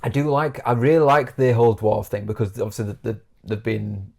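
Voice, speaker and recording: Gravelly man in a casual chat. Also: on the low side, brisk, a little mellow. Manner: chatty, laughs often, trails off with fillers. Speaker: podcast co-host.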